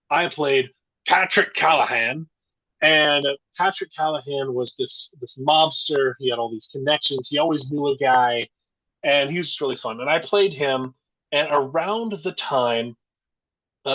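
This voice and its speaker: Man, thirties, interview guest, rambling storyteller, animated, bright forceful tone. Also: medium pitch, low-quality recording. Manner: rambling, animated, full of tangents. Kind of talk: casual storytelling.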